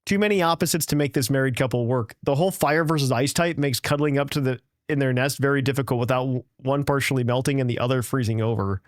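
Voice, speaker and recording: A man's voice: medium pitch, quick pace, few pauses, no echo, studio quality. A man hosting a casual podcast, reading a listener's email aloud in a playful, jokey way and tripping over words now and then.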